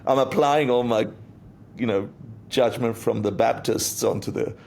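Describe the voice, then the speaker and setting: A man, a guest on an interview podcast, telling a personal story in a lively way and acting out the voices in it. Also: medium pitch, measured pace, creaky, slight background noise. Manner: animated storyteller, acts out quotes. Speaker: interview guest, Buddhist teacher.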